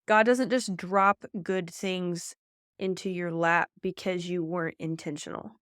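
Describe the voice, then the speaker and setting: A woman's voice: lowish voice, steady tone, fairly bright tone, dry recording, clean studio sound. A woman, a pageant coach hosting a podcast, talking in an emphatic, motivational way with lots of "like" and repeated phrases. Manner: fast, emphatic, faith-filled coaching with many "like"s and repeats.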